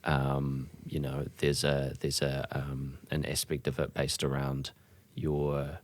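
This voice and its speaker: Man, podcast guest, extremely deep voice, hedging, searching for words, dry close mic. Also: monotone, slow, no room sound. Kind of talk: casual chat.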